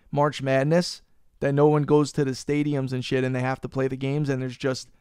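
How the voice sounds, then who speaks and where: A man's voice: mid-range voice, darkish tone, smooth, no room sound, clean studio sound. A man hosting a casual podcast. He rants, swears freely and teases his co-host. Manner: profane, ranting, teasing his co-host.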